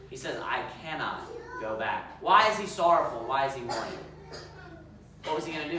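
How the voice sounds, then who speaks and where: A man's voice: a little high, pushed and bright, a little hiss or hum. A man preaching as a pastor, reading scripture aloud and putting questions to the congregation in an emphatic way. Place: church sanctuary. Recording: echoey church hall, mic far off.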